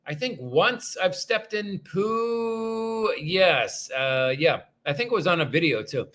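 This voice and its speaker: Bright-voiced man chatting with his viewers. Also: high voice, animated, slow. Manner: rambling, self-deprecating, thanks viewers often. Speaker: livestream host reading viewer comments. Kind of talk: casual livestream chat.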